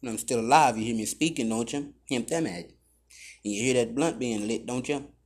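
A man's voice: mid-range voice, brisk, husky. A man hosting a podcast, talking in a loose, profane and rambling way. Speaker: podcast host. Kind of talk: casual podcast talk.

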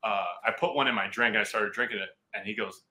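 A man in his thirties, a football player, telling an animated story on a podcast and laughing often. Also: on the low side, quick pace, noisy background.

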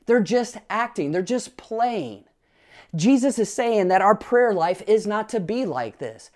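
A man's voice: high-pitched, expressive, measured pace. A man preaching a sermon as pastor, earnestly asking his listeners rhetorical questions and telling personal family stories.

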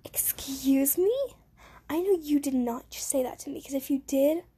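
A woman's voice: high-pitched, normal speed, dark tone, natural voice. A woman voicing a bratty, vain little schoolgirl who whines and boasts while playing a game. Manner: whiny, self-important.

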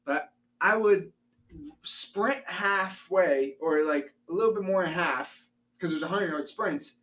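A man's voice: sits high, measured pace, fairly bright tone, far from the mic, poor audio. A young man casually recalling a memory, hesitating with frequent ums and uhs. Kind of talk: casual storytelling chat.

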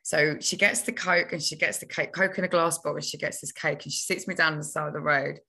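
A young woman, a podcast guest telling stories from her childhood in a lively, chatty way. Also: sits low, fairly quick, slightly rough. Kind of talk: casual storytelling.

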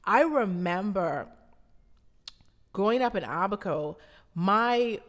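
Bahamian woman, unhurried and emphatic; preacher-like repetition, long hall reverb. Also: mid-range voice, expressive. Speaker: brand founder. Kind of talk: motivational talk.

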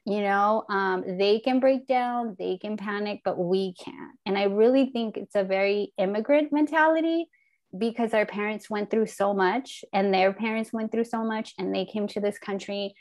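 A woman's voice: mid-range voice, moderate pace, darkish tone. A woman in her forties talking in an earnest, reflective way, casual and candid, with the odd swear word, as a podcast host. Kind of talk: candid heartfelt conversation.

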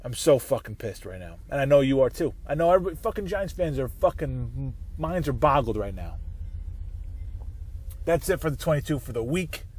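A man's voice: medium pitch, sing-song, moderate pace, a little mellow, husky. A man hosting his own show, ranting angrily about football with heavy swearing and rambling restarts. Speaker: podcast host. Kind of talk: profane sports rant. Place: on the way to work, solo recording.

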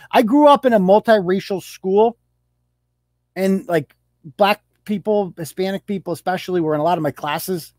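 A man with a high-sitting, darkish voice hosts a live show, ranting with profanity and sarcasm and throwing out mocking rhetorical questions as he reads rules aloud. The recording is dry, with clean studio sound.

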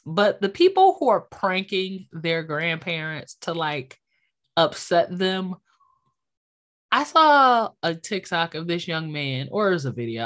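A woman's voice: fairly low pitch, big pitch swings, slow, fairly bright tone. A woman in her late twenties or thirties co-hosting a casual podcast, telling stories animatedly, laughing often and swearing casually. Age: millennial. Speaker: podcast co-host. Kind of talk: casual chat.

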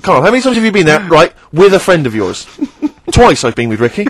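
A man's voice: a little high, big pitch swings, brisk, noisy background. Exasperated man teasing on radio. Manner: exasperated, mocking complaints. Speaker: co-host. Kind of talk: casual radio banter. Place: radio studio.

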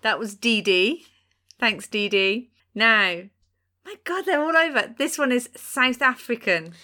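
A woman co-hosting a podcast, briskly leading the segment in casual chat. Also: on the high side, animated, sharp tone. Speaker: podcast co-host.

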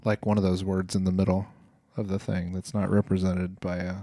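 A man with a voice pitched a little low co-hosts a podcast in relaxed, casual chat. He is jokey and rambling and swears offhandedly. The recording is dry and close to the mic. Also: brisk, no room sound. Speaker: podcast co-host.

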